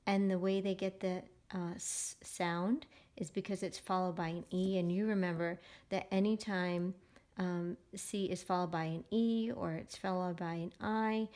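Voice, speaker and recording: Woman, teacher, phonics lesson for kids, slow, patient, sounds out syllables, middle-aged. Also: lowish voice, steady tone, darkish tone.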